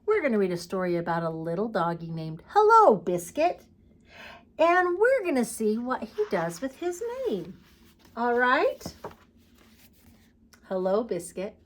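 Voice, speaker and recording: A woman talks to young children in a gentle, encouraging voice, leading a craft lesson and a story read-aloud. Her pitch sits a little high and swings widely in a sing-song way. She speaks slowly and carefully. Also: big pitch swings. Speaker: children's teacher.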